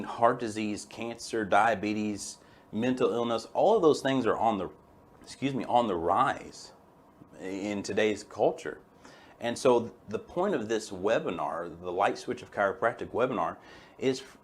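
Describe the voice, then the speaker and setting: A man with a fairly low voice hosts a webinar in a relaxed, folksy manner. He talks to his audience like friends, with easy enthusiasm and a casual storytelling flow. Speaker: chiropractor hosting a webinar.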